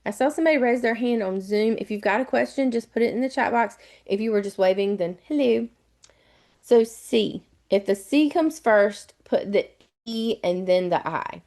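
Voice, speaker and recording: A woman's voice: mid-range voice, a little mellow. A woman with a Southern US accent, giving a live online test prep lesson and explaining each step over and over in a chatty way.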